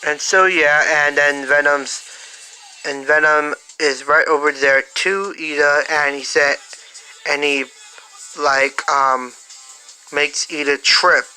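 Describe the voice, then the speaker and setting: A fan storyteller improvising a story out loud, halting with many fillers and restarts. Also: mid-range voice, fairly even intonation, soft background music, rough recording. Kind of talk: improvised fan-fiction narration.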